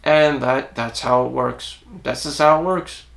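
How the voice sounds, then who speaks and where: Gravelly, raspy-voiced man musing aloud. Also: mid-range voice, fairly even intonation, a bit bright. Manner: halting, with frequent restarts and fillers; blunt and profane. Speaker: self-help vlogger. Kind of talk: rambling self-reflective monologue.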